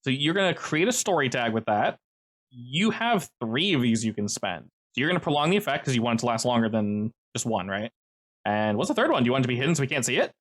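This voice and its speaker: Animated game master man. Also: mid-range voice, fast. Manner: lively, explanatory, many fillers. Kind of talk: running a tabletop game over voice chat.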